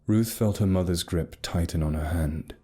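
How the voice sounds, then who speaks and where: A man narrating a scripted horror story in a steady, grave storytelling manner. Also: low voice, moderate pace, husky. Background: soft music.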